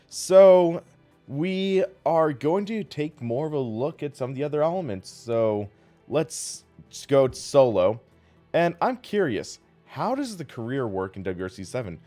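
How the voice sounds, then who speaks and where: A man's voice: medium pitch, big pitch swings, measured pace, mellow, faint music behind. A man hosting a live sim racing stream, chatting casually and rambling as he plays and thanks viewers.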